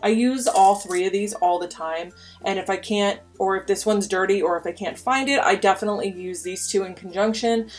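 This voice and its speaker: A woman's voice: medium pitch, darkish tone. A young woman vlogger reviewing makeup brushes in a chatty, enthusiastic way, sometimes dropping to a whisper. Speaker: beauty vlogger.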